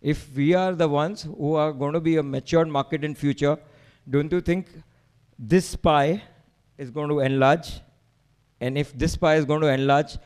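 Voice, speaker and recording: A man's voice: on the high side, a little mellow, smooth. A man with an Indian accent giving an emphatic slide presentation to a meetup, rallying the audience with rhetorical questions.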